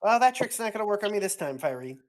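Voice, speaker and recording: A woman's voice: medium pitch, big pitch swings, quick pace, voice pushed up, close to an everyday voice. A woman voicing a cocky, cheerful young male mech pilot in a tabletop game, teasing and self-assured. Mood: confident teasing.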